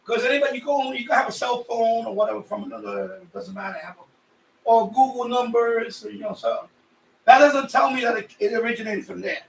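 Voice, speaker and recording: A man's voice: extremely high pitch, brisk, gravelly, a little hiss or hum. A Puerto Rican man from New York, chatting casually on a radio hobby live stream, rambling and repeating himself, sweaty from the heat. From Puerto Rican family, raised in New York. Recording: echoey room, voice a bit far off.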